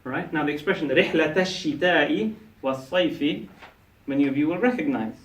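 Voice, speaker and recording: Fairly high-voiced man teaching in an echoey room. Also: quick pace, fairly bright tone. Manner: explains, asks the class questions; frequent "yeah?" and restarts. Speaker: Arabic teacher. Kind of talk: classroom teaching talk. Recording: echoey room, mic from a distance.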